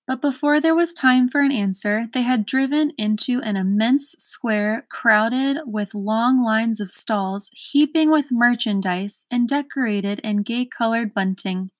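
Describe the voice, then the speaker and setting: Slow expressive woman reading a storybook. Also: fairly high pitch, no echo. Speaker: storybook reader. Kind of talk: storybook read-aloud.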